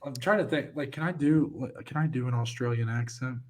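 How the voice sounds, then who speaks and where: Guy cohosting a podcast, joking around, easygoing banter, mid pitch. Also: fairly quick, a little mellow. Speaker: podcast co-host. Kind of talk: casual chat.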